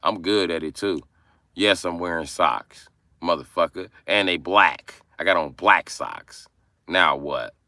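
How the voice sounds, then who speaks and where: A man hosting a casual livestream, brash and profane as he roasts his chat, with sudden bursts of yelling. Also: deep voice, a little slow, dry recording, clean studio sound. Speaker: livestream host.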